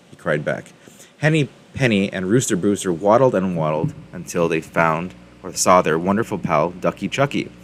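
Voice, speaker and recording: A man's voice: sits low, a bit bright, a little hiss or hum. A man hosting a crypto mining video, casually chatting and reading a children's story aloud with ums and self-corrections.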